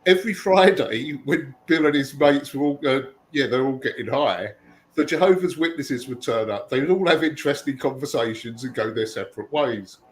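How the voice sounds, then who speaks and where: A man hosting a casual chat, telling long anecdotes with a relaxed, chatty delivery. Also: mid-range voice, moderate pace, rough recording. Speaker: host.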